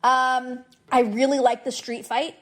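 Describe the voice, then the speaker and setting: A woman in her thirties telling stories in a casual podcast chat, animated and laughing often. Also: sits high, a little slow. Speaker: podcast guest.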